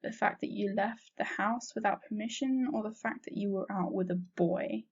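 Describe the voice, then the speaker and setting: A woman's voice: mid-range voice, moderate pace, husky. Woman voicing a nervous hesitant teen girl, worried, lo-fi dull audio. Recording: dull lo-fi recording.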